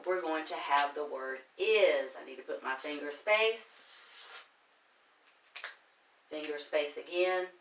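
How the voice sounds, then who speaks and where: A woman teaching a virtual kindergarten phonics lesson, speaking slowly and encouragingly and sounding out words letter by letter. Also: deep voice, a little hiss or hum. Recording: roomy echo.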